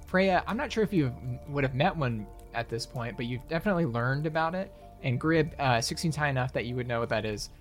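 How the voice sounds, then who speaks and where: A man's voice: medium pitch, lively intonation, a little fast, hardly any pauses. Guy dm-ing a tabletop game, rambly and casual, faint music underneath. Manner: loose, filler-heavy scene description. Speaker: game master.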